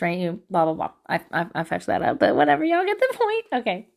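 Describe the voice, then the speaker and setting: A woman in her thirties chatting casually to camera at home, animated and swearing, acting out voices as she tells stories. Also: medium pitch, a little fast, vocal fry. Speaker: vlogger giving life advice.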